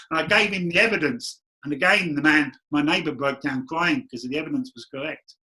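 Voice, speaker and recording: Man, medium guest, chatty storyteller, bright raised voice. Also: on the high side, fairly quick, hardly any pauses. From London. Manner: chatty, rambling anecdotes with acted quotes. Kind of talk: candid storytelling interview.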